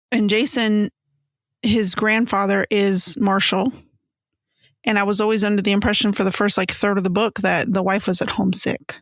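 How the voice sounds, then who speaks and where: Woman podcast host, casual chat, animated, mid pitch, dry sound. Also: no echo. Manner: animated, acts out her own reactions.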